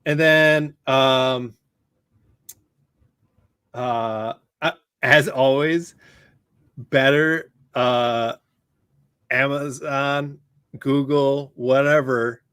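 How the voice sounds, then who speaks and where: A man co-hosting a podcast, speaking casually and haltingly with many pauses. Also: mid-range voice, steady tone, fairly bright tone, clean tone, dry recording. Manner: hesitant, many ums and uhs. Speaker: podcast co-host. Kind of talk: casual chat.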